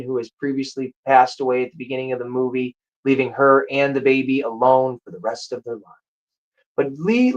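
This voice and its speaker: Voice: medium pitch, lo-fi sound. A show host chatting casually and enthusiastically about a movie, rambling with frequent restarts. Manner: rambling, enthusiastic, with self-corrections. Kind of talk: casual chat.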